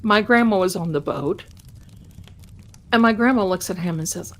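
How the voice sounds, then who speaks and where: A woman with a medium-pitched, lively voice hosts a live trivia stream at a moderate pace, with a little hiss or hum. She chats casually with viewers and tells them a folksy childhood story.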